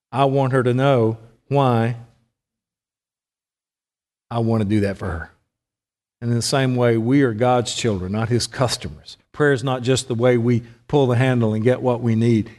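A man's voice: mid-range voice, darkish tone, long reverb tail. A middle-aged man giving a conversational sermon, often putting questions to his listeners. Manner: conversational, asks the audience questions. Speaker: preacher.

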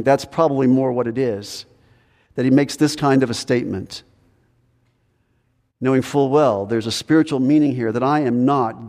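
A man preaching a sermon as pastor, earnest and full of rhetorical questions, his voice rising high when he plays a reluctant believer. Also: a little mellow. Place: church sanctuary. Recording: long hall reverb.

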